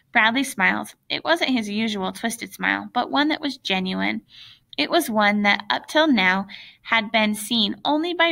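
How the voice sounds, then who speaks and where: Woman reading a kids' book aloud, bright voice, some vocal fry, fairly high. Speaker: audiobook reader. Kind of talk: reading a children's novel aloud.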